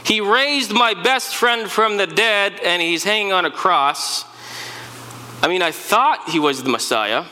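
A man's voice: high voice, lively intonation, measured pace, bright, forceful tone, big-room sound, slight background noise, exaggerated voice, rough recording. A man playing an earnest eyewitness follower of Jesus. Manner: earnest storytelling, repeats words when stirred. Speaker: preacher in first-person character. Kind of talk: dramatic first-person sermon monologue.

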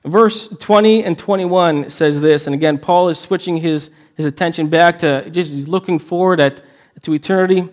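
A man's voice: fairly high pitch, moderate pace. A man preaching a sermon, earnest and emphatic, often restarting his phrases. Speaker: pastor.

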